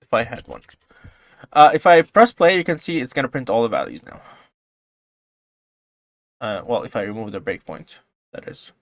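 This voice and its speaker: A man talks through code in a casual tutorial at a mid-range pitch, his delivery calm one moment and loud and excited the next. He swears freely as he goes. The sound is dry and close, with no room in it. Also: moderate pace, pauses often, no room sound. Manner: swings from calm explaining to loud excited outbursts, swears often. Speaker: programming tutorial host. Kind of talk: casual screen-recorded coding tutorial.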